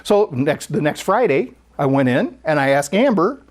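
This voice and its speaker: Give me a chatty storyteller with a lively voice delivering a sermon. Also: medium pitch, normal speed. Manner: conversational, animated storyteller with frequent restarts. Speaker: speaker at a spiritual center.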